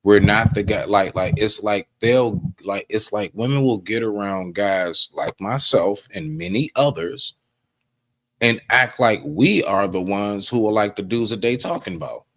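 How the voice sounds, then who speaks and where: A man co-hosting a casual livestream talk, animated, swearing freely and slipping into acted quotes. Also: fairly low pitch, measured pace. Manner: swears freely, street slang. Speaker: podcast co-host.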